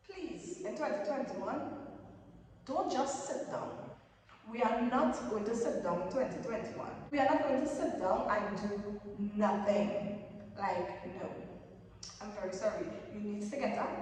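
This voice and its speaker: A woman's voice: mid-range voice, unhurried, pauses often, a little mellow. A young woman giving casual motivational advice in an emphatic way, often repeating her points. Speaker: vlogger giving new-year tips. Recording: echoey room, voice from far off.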